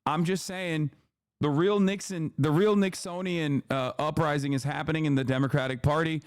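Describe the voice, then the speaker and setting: A fairly high-voiced man from the United States rants about politics on his live stream, swearing freely and mocking people with quick impressions. His voice is recorded dry and close to the mic, with no room sound. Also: fairly even intonation, clean tone, no room sound. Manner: profane, sarcastic, mocking impressions. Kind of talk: live-stream reaction commentary.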